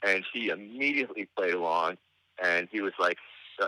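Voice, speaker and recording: A middle-aged man tells stories in a loose, halting ramble, full of dry, wry asides. His voice sits fairly low but rings very bright and forceful. The sound is dry, with no room in it. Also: no room sound, low-quality recording. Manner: meandering, halting delivery with frequent hesitations. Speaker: interview guest. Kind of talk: casual anecdotal storytelling.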